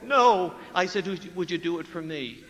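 A priest preaching a sermon, telling a story with lively acted-out dialogue and hushed asides. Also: male voice, high voice, normal speed, big-room sound, poor audio. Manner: animated storyteller acting out dialogue, dropping to hushed tones.

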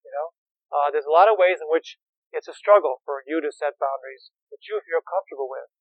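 A man's voice: on the high side, a little fast, no room sound, lo-fi sound. A man who is a priest and therapist, lecturing seminarians in a conversational, anecdotal way with wry humor.

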